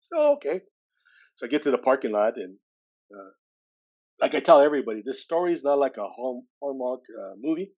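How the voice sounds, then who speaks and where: A man in his sixties, a podcast guest from California, telling a personal story with animated delivery. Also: medium pitch, brisk, muffled recording. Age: 60s. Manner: animated storyteller who acts out dialogue with shifting voices.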